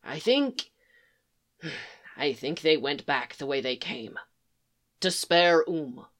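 A woman voicing a kindly, patient old male beaver in a storybook reading, with a gentle, soothing, often breathy delivery. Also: fairly low pitch, expressive, slow.

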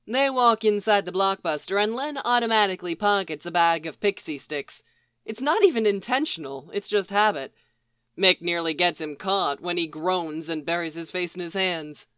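A woman reading fan fiction aloud as narrator, in steady, unhurried narration. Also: lowish voice, clear, resonant tone, no room sound, studio quality. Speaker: reader.

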